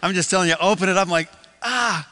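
A man's voice: high-pitched, flat delivery, very fast, bright, forceful tone, smooth, big-room sound. An older man from Michigan preaching an evening sermon as pastor, telling a story with many restarts and asides. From Michigan, USA. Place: church sanctuary.

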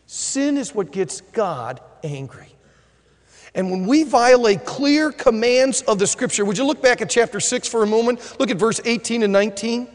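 Male pastor preaching, lively swinging delivery, drops quiet for emphasis. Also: very high-pitched, in a large hall. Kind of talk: sermon.

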